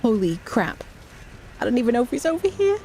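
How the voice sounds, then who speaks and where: A woman's voice: fairly high pitch, big pitch swings, brisk, a little mellow, slight background noise. A woman streaming a survival game, chatting in a jokey, jittery way and often yelping in fright. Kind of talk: live gameplay commentary.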